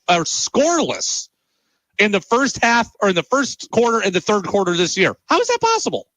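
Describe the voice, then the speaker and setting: A man's voice: high-pitched, sharp tone, dry recording, poor audio. A man hosting sports talk radio, exasperated and emphatic, hammering his points home with repeated rhetorical questions.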